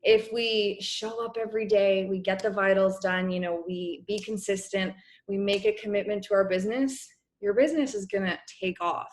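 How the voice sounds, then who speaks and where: A young woman coaching her business team on a casual video call, chatty and encouraging, clearing her throat as her voice wears out. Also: medium pitch, steady tone, normal speed. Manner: chatty, encouraging, many fillers. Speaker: network marketing coach.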